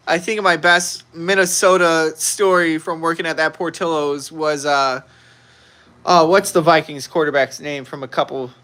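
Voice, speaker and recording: A young man with a Chicago accent, talking casually on a live stream. His voice sits fairly high and sounds bright and forceful, and he laughs a lot as he rambles through a story. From Chicago, United States. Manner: chatty, laughs often, rambling with restarts. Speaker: live stream seller, host.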